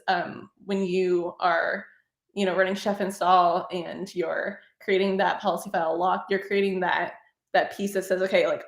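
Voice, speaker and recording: A woman speaking as a guest in a casual panel discussion over a video call, enthusiastic and full of "like" and "um". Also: on the low side. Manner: enthusiastic, filler-heavy with "like" and "um". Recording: roomy echo.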